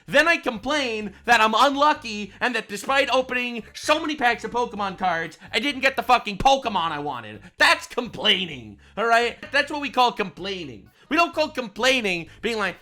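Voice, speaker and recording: A man's voice: very high-pitched, sharp tone. A man delivering ranting commentary, sarcastic and full of profanity, with angry outbursts. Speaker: online commentator.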